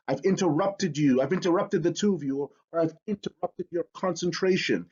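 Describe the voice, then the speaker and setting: A man teaching a spelling lesson, energetic and emphatic, slowing down to sound out words. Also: on the high side, husky. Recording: dull lo-fi sound.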